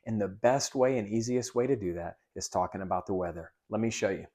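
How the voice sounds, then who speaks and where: A man's voice: fairly low pitch, fairly quick, a little mellow. A man teaching sales greetings in an upbeat, coaching manner, now and then acting out sample lines. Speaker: sales trainer. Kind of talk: instructional talk with role-play demos.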